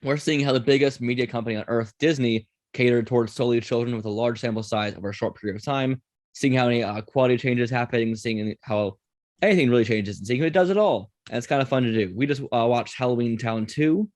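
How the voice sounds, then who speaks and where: A man's voice: mid-range voice, dry recording. A man hosting a podcast, chatty and running the segments in casual talk. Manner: quick, chatty, runs the segments. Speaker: podcast host. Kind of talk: casual chat.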